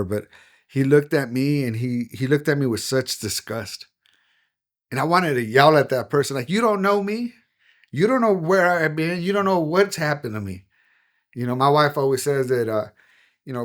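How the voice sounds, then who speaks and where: A middle-aged man, a pastor, giving a personal testimony in conversation, earnest and emotional, dropping to a hush on painful moments. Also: mid-range voice. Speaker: pastor and podcast guest.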